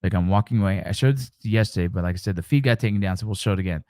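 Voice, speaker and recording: A man's voice: lowish voice, very fast, darkish tone, no echo, studio quality. Joking man chatting with his stream. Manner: joking, storytelling, reacting to chat. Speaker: live stream host. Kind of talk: casual live-stream chat with viewers.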